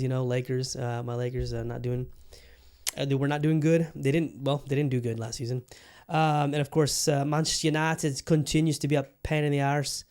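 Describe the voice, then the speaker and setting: A man's voice: mid-range voice, flat delivery, brisk, darkish tone. A man hosting his own podcast alone, chatting casually and rambling with lots of restarts and the odd swear word. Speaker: podcast host. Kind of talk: casual solo podcast chat.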